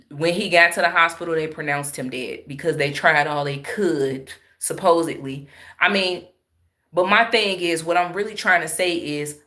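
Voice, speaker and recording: A woman's voice: fairly low pitch, sharp tone. A married woman telling viewers an upsetting story in an emphatic, emotional way, speaking straight to her audience. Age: adult, married. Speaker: vlogger.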